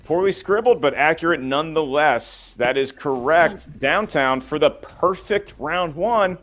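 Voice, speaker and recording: A man's voice: fairly high pitch, unhurried, fairly bright tone. A man hosting a trivia game show, reading questions and counting down with playful, teasing banter.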